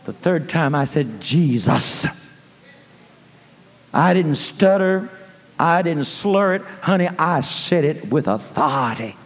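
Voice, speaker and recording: A man preaching a sermon, telling a story in a folksy manner, calling listeners honey and rising to shouted praise. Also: fairly high pitch, expressive, unhurried. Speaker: evangelist. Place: church. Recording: long reverb of a church hall.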